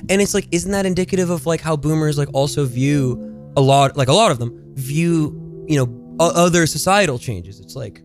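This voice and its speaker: Male podcast co-host, casual rambling chat, somewhat high voice, faint music behind. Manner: rambling, halting restarts, acts out quoted voices.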